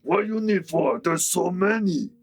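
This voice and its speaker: A man's voice: high voice, measured pace, slightly rough, voice pushed up, full character voice. A man voicing two dim, bullying male orc guards who talk in broken English. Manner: broken-English grunting bravado.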